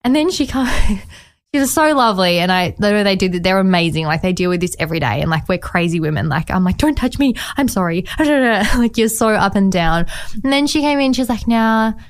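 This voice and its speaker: A woman's voice: medium pitch, fairly quick, smooth. A woman in her twenties, a guest in a casual chat, telling her story openly and chattily, acting out what people said with lots of "I was like" quotes. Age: 20s. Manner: chatty and animated, acts out others' words with many "I was like" quotes.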